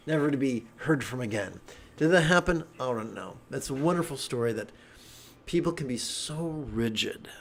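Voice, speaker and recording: Man giving an animated dharma talk. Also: mid-range voice, normal speed, vocal fry. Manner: animated, joking asides. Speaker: meditation teacher.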